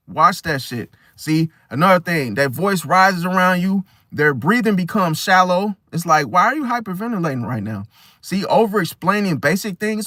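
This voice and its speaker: A man hosting a casual astrology talk, animated and slangy, often acting out other people in high voices. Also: a little slow, no room sound, studio quality. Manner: slangy, addresses listener as bro. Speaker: astrology video host. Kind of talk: casual spoken monologue.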